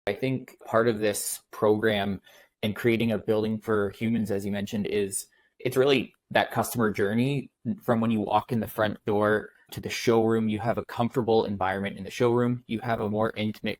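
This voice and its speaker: A man's voice: on the low side, steady tone, moderate pace, dry recording, low-quality recording. A man who is a podcast guest, answering conversationally and often saying "you know". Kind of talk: casual interview answer.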